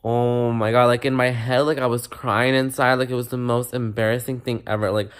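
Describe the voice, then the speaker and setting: Young male vlogger, mid-pitched voice, animated and profane storytelling, slips in Spanish words. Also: brisk. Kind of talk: casual storytime to camera.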